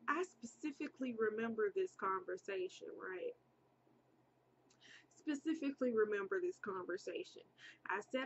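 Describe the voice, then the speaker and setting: A woman's voice: on the high side, moderate pace, muffled recording, slight background noise. A woman casually telling a personal story to viewers, chatty, repeating herself and speaking straight to her audience.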